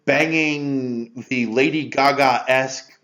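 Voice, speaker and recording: A man's voice: mid-range voice, steady tone, slow pace, a bit bright. A man co-hosting a podcast, sarcastically retelling a movie's plot in casual chat. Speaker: podcast co-host. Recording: dull lo-fi sound.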